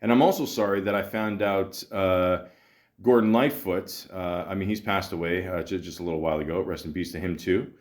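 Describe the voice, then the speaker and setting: A man with a fairly low voice hosts a solo podcast movie review. He rambles and swears freely, stumbling over repeated words as he restarts his sentences. He keeps turning to his listeners as ladies and gentlemen. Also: a little fast. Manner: rambling, profane, stammering restarts. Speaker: podcast host.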